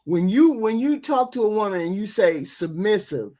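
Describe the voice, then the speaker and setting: A woman's voice: medium pitch, animated, moderate pace, mellow. Impassioned woman arguing on a livestream. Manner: impassioned, argumentative, repeats herself. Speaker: host. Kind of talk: livestream talk show. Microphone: remote call.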